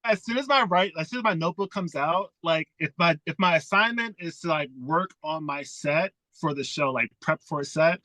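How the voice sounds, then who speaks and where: A man's voice: a little high, lively intonation, normal speed, hardly any pauses, bright, forceful tone, dry recording, poor audio. A man, a comedian, chatting casually about writing his sets, acting out his own thoughts as he talks.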